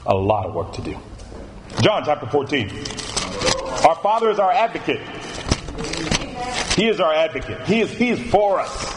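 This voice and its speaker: A man preaching a sermon in a church room, animated, repeating his phrases for emphasis. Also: fairly high pitch, moderate pace, long pauses. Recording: echoey room with faint noise.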